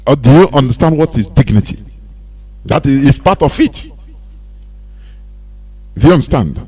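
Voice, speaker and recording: A man's voice: mid-range voice, expressive, measured pace, pauses often, warm tone, breathy edge, dry recording. A man with a Nigerian accent hosting a radio show, delivering a preachy monologue full of rhetorical questions that slides into sing-song emphasis. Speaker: radio host. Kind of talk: impassioned monologue. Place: radio studio.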